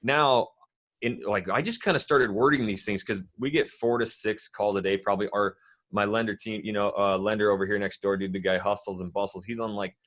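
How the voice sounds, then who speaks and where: A man, a real estate agent guest, telling lively stories in casual podcast chat and swearing freely. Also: lowish voice, a little fast. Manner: animated, swearing, full of storytelling.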